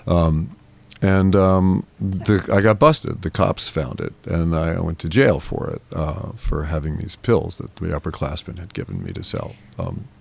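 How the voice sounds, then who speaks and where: A man's voice: sits low, animated, a little slow, creaky, breathy edge. A man, a guest in a therapy interview, telling a long rambling anecdote in casual talk and acting out the people in it. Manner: rambling anecdotal storytelling, acts out quoted voices.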